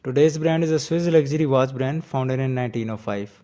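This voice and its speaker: A man hosting a scripted pronunciation lesson, speaking with slow, careful enunciation. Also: medium pitch, dark tone. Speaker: pronunciation teacher.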